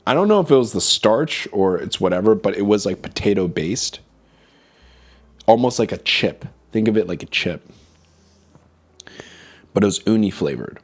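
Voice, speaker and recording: A man's voice: lowish voice, lively intonation, normal speed, long pauses. A man streaming as a vtuber, chatting casually about food and reading chat, switching between English and Mandarin.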